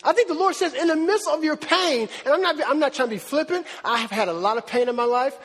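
A man preaching a casual, animated sermon, often checking in with the crowd. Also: extremely high pitch, fast talker. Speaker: pastor. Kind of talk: conversational sermon. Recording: long hall reverb.

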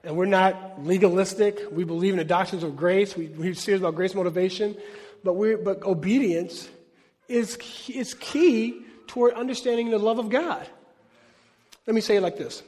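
A man with a very high-pitched voice preaches a sermon to a congregation, keeping it conversational and throwing questions back at the room. His voice carries a long reverb from the large church hall. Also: moderate pace. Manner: lively conversational preaching, asks the crowd questions. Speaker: pastor.

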